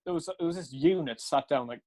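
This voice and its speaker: A man's voice: a little high, fast talker, warm tone. Rambling young man telling a story. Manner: rambling, laughing, swears freely, many fillers. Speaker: podcast co-host. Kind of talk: casual storytelling chat.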